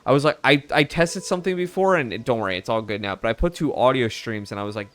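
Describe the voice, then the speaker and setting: A man's voice: medium pitch, fast talker, few pauses, faint music behind. A man giving casual let's play commentary as a video game streamer, chatty, swearing and laughing often.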